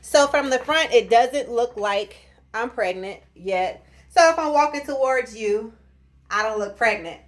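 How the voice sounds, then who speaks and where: A woman's voice: fairly high pitch, measured pace. A woman in her thirties, a little out of breath, chatting jokingly in a casual pregnancy update vlog. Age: 30s. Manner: animated, joking, playful sing-song bursts. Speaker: vlogger.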